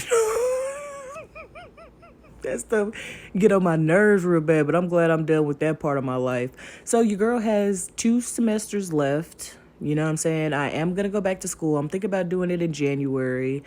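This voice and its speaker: A woman's voice: deep voice, expressive, normal speed, darkish tone. A young adult woman hosting a crafting channel, rambling in a casual voiceover and talking straight to her viewers. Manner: rambling and talkative, addresses viewers directly.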